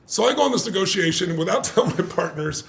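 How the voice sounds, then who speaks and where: An older man, an interview guest, telling a story in lively conversation, acting out the voices of others and laughing as he goes. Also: high-pitched, fast, gravelly. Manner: animated, acts out quoted voices, laughs often.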